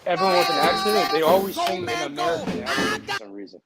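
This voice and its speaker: A man's voice: high-pitched, wildly swooping pitch, fast, loud music behind the voice. A man in a casual chat, musing aloud and swearing as he rambles.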